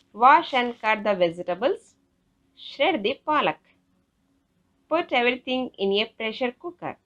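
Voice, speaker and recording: Indian English woman teacher, slow and instructive, bright lively pitch, dull lo-fi sound. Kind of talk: classroom lesson explanation. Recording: dull lo-fi recording.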